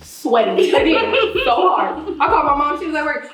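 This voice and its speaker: A woman's voice: high-pitched, a little fast. A woman guest chatting casually while cooking in a kitchen, telling a story with lots of laughter and acting out quotes. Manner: animated storyteller, laughs often, acts out quotes. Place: home kitchen. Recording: echoey kitchen, distant mic, music behind.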